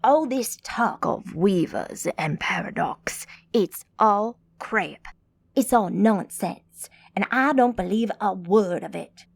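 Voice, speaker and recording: A man's voice: high voice, slow, gravelly, full character voice. A woman narrator voicing a hostile, suspicious male mage who talks scornfully, in an audiobook. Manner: scornful, accusing.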